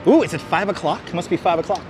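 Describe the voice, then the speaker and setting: Walking city streets while livestreaming, a man talks fast in a high voice, delivering joking, sarcastic running commentary. He uses a wireless clip-on mic, and outdoor traffic noise and background music can be heard.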